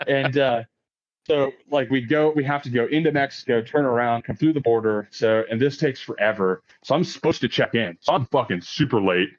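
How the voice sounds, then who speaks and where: A man in his late thirties tells a story on a podcast, swearing freely and laughing often. He jumps into a higher voice when he quotes people. His voice sits at a middling pitch, and the audio is a little dull and lo-fi. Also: moderate pace. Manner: profane, laughs often, acts out quotes in raised voice. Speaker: podcast guest. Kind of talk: casual storytelling.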